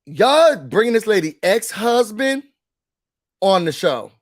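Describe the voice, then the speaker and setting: A man giving a casual, exasperated rant to camera about a reality TV show. He talks straight at the people on the show and mimics them in quick put-on voices. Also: sits high, very animated, no echo, clean studio sound. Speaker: reality TV reviewer.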